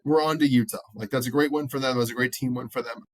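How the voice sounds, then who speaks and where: A man's voice: mid-range voice, fairly even intonation, rapid-fire, no echo. A man co-hosting a sports podcast, talking bluntly and animatedly and swearing freely as he acts out quotes. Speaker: podcast co-host. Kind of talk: casual sports chat.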